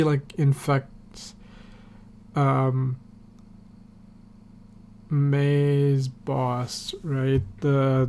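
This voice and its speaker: A man's voice: on the high side, a little mellow, slight background noise. A man recapping a TV episode on a podcast in a casual, rambling way, full of fillers and casual swearing. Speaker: podcast host.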